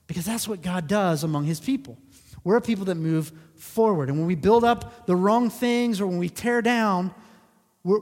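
Man, pastor, high voice, earnest sermon, repeats phrases, long reverb. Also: darkish tone.

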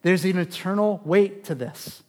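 A man preaching a sermon in a conversational way, asking rhetorical questions and swinging between loud and hushed. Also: high voice, a little slow. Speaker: pastor. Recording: long reverb of a large hall.

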